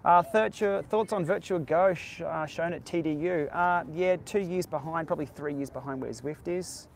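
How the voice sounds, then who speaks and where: Gravelly man chatting live. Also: fairly high pitch, normal speed, slight background noise. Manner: candid, laid-back, answers viewer questions off the cuff. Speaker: cycling tech channel host. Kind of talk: casual live-stream Q&A. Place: outdoors by the beach.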